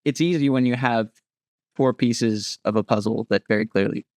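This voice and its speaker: Young male podcast guest, mid-pitched, dry close sound, hesitant, full of fillers. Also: normal speed, darkish tone, no room sound. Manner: hesitant, many fillers and restarts. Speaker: podcast co-host. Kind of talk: casual movie review chat.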